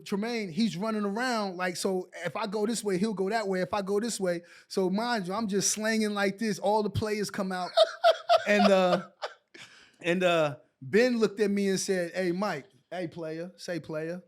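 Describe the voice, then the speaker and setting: A man in his forties from New York, a guest on a podcast, telling animated stories full of "like" and "so". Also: high-pitched, normal speed. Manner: lively anecdotes packed with "like" and "so". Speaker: guest, former pro basketball player. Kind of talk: animated storytelling in a podcast chat.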